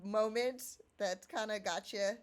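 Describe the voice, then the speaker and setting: A woman's voice: medium pitch, fairly even intonation, takes it slowly. A woman hosting a casual panel, asking loose, rambling questions and laughing along. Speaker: host.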